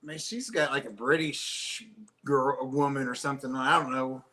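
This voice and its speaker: Bright-toned man cracking jokes. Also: medium pitch, steady tone, moderate pace. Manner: chatty, jokey, breaks into laughter. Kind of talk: casual chat over beers.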